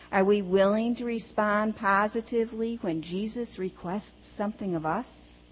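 Slow, earnest woman preacher. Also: medium pitch, long reverb tail, low-quality recording. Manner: measured, earnest, with rhetorical questions. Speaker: pastor or preacher. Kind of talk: sermon with storytelling.

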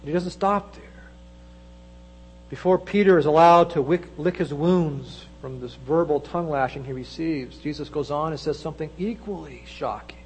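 A man preaching a sermon, with dramatic delivery that swings between loud emphasis and hushed low asides. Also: moderate pace, breathy edge, low-quality recording.

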